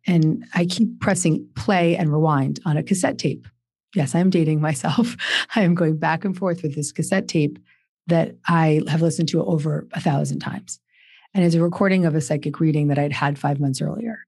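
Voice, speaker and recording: A woman's voice: low voice, normal speed, vocal fry, a little mellow, husky, no room sound, clean studio sound. A woman in her forties, a guest author on a podcast, telling her personal story earnestly with emphatic repeated questions.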